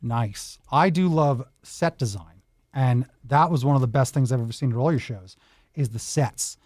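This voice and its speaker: A man's voice: mid-range voice, normal speed, darkish tone, no room sound, studio quality. A man hosting a talk show who interviews children in an enthusiastic, encouraging way and offers them advice. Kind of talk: upbeat interview with kids.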